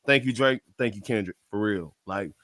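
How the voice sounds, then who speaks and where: A man co-hosting a podcast in casual banter, loud and excitable, laughing often and swearing. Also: fairly low pitch, normal speed. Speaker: podcast co-host.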